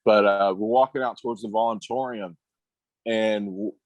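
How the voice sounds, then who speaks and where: A man in his thirties, a podcast guest and former pro basketball player, telling stories in a relaxed, halting way with frequent laughs. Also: on the low side, no room sound. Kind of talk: casual storytelling on a podcast.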